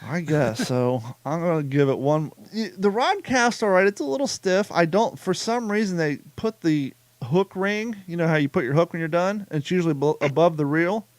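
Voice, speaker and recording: An American man hosting a casual podcast, telling animated fishing stories with swearing and laughter. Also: on the high side, moderate pace, hardly any pauses, no room sound. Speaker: podcast host.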